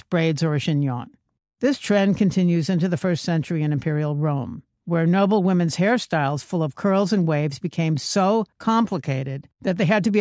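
A woman's voice: on the low side, no room sound. Wry woman with dry sarcasm. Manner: wry, sarcastic, deadpan asides. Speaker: comedic host. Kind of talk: scripted comedic narration.

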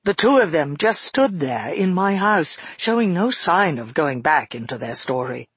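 A man voicing a father who tells his daughter a frightening past event in a measured, earnest first-person telling. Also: fairly high pitch, sing-song, a bit bright, husky, no echo, exaggerated voice. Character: grown father recounting a frightening past, shaken. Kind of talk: audiobook narration.

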